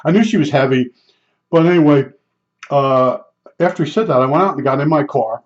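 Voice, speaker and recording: A man's voice: a little high, brisk. An older man telling rambling, blunt stories in a vlog, with frequent restarts. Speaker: vlogger. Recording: dull lo-fi sound.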